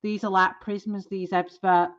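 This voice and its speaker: A woman's voice: medium pitch, little pitch movement, unhurried, highs cut off. A woman hosting a colouring live stream, chatting casually and giggling as she trips over product names.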